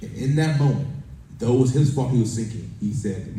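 A man's voice: medium pitch, fairly quick, mellow. A man preaching a sermon, telling a family story and reading scripture in a conversational way. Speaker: pastor. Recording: roomy echo from a distance, faint background noise.

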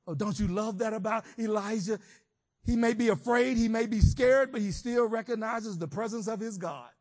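A man preaching a sermon, swinging between shouted emphasis and quiet, reflective teaching. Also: high voice, normal speed.

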